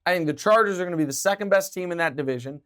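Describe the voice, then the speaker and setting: A man with a slightly raised pitch hosts a sports talk show from a studio. He argues his opinions emphatically and animatedly, moving between punchy assertions and drawn-out, measured points. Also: a bit bright.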